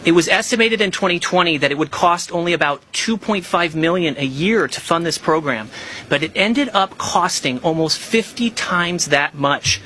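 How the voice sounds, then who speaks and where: A man's voice: a little high, lively intonation, pushed and bright, slight background noise, poor audio. A man, a government official, reading a formal, emphatic statement at a press conference. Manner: measured, emphatic official delivery.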